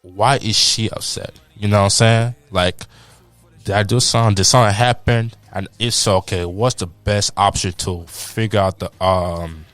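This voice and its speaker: Laid-back young man, low voice. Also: fairly even intonation, normal speed, a bit bright, dry recording, soft background music. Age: young adult. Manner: laid-back, advice-giving, loose and rambling. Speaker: podcast guest. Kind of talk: casual chat.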